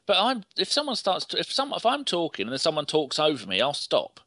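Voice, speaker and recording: Animated, sweary podcast host. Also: male voice, a little high, a little fast, dry recording, clean studio sound. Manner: sweary, laughing, animated storyteller. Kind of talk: casual chat on a call.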